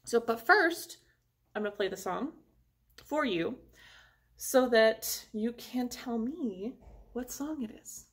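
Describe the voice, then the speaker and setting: A woman music teacher leading an online lesson for young children, talking slowly and encouragingly and singing short phrases with an instrument. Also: on the high side, animated.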